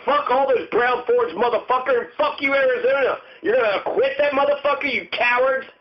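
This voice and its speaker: A man with a very high-pitched voice delivers a furious rant full of cursing and repeated lines. The sound is dull and lo-fi, with the top end muffled. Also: fairly quick. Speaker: commentator. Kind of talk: angry profane rant.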